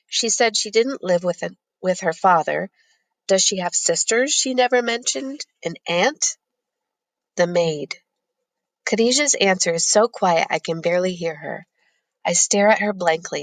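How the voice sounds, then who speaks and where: A woman with a lowish voice reads a first-person novel aloud in a measured, plain manner. The recording is dry and close, with no room sound. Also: vocal fry, no room sound. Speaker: audiobook narrator.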